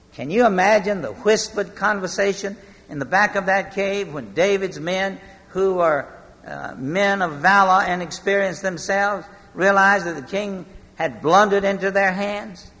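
A male pastor preaching a sermon, storytelling and slowing for emphasis, heard with long hall reverb. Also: high voice, pushed and bright.

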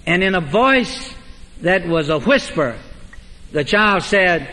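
A man pastor preaching a sermon in a measured, emphatic way, with dramatic pauses, in a large church sanctuary. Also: sits high, lively intonation, sharp tone. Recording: long reverb of a church hall.

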